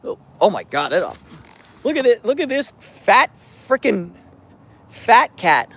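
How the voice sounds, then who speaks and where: A man's voice: high-pitched, big pitch swings, a little slow, fairly bright tone. A man live-streaming casually while he feeds stray cats outdoors, rambling with restarts and mild swearing into a handheld phone. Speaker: vlogger feeding stray cats. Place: outdoors by his car at night.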